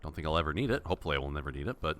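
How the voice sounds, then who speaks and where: A man's voice: very deep voice, expressive, racing, fairly bright tone, a little hiss or hum. A man giving casual, sarcastic running commentary while playing a video game, talking back to the enemies on screen. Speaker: let's-play host.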